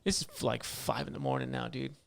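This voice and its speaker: A man co-hosting a casual podcast, telling animated stories and saying "dude" and "bro" all the time. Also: mid-range voice, normal speed, creaky. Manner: animated storyteller, says "dude" and "bro" constantly. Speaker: podcast co-host. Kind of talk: casual chat.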